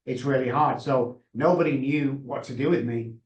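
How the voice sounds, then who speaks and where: In a muffled recording with roomy echo, a middle-aged addiction consultant joins a video call as a guest. He tells his story emotionally, with passion and emphasis, in a mid-range voice at a moderate pace.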